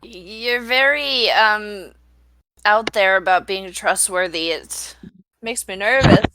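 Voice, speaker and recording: Woman player, bright voice, slow delivery, dry close sound, playful humor. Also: mid-range voice, no room sound. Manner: joking, playful. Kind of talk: tabletop game play.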